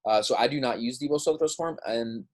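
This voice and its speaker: Husky-voiced man teaching a lesson. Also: mid-range voice, brisk, darkish tone. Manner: patient, explains step by step, checks in with "right?" and "okay?". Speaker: Spanish teacher. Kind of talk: recorded classroom lecture.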